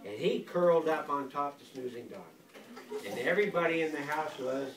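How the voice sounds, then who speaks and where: An older grandfather reading a picture book aloud to a school class in a playful, animated way, stopping often to quiz the children. He is recorded from across an echoey classroom full of kids. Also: on the high side, moderate pace, distant mic, background noise. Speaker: guest reader, grandfather.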